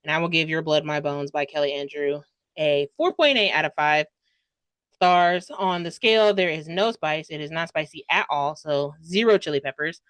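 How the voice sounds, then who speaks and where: A young woman talks through a book she loved in a loose, gushing vlog style, piling on fillers and dramatic asides. Her voice sits a little low for a woman. The recording is close and dry, with no room sound. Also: moderate pace, a bit bright, no echo. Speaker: book reviewer. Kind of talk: casual book review vlog.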